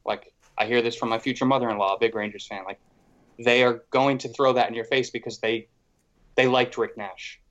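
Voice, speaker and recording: A man's voice: mid-range voice, fast, dull audio. A man co-hosting a podcast, talking hockey in a rambling, casual way full of fillers. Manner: rambling, filler-heavy, animated. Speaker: podcast co-host. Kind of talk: casual sports chat.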